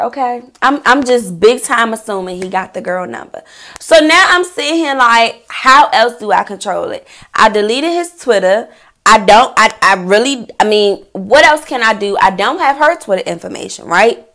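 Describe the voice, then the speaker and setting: A woman with a high voice tells a personal story in a casual vlog. She is animated and profane, and she addresses her viewers directly as if gossiping with a friend. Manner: animated, profane, talks straight to viewers as "girl"; bursts into laughter mid-story. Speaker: vlogger telling a personal story.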